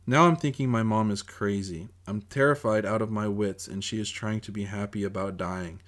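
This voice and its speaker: A man's voice: lowish voice, moderate pace, hardly any pauses, a bit bright. A man reading his own novel aloud in first-person audiobook narration, in an earnest, plain way.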